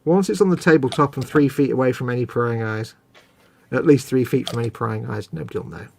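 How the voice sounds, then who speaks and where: This man speaks in a mid-range voice, a little fast, with vocal fry and a darkish tone. As a live-stream host, he narrates his model building in a chatty way, joking at his own expense.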